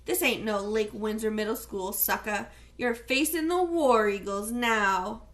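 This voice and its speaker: Cocky teen boy bully read by a woman, loud mocking swagger, higher pitched, audiobook character. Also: unhurried. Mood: taunting. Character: cocky teenage boy soccer star, trash-talking bully.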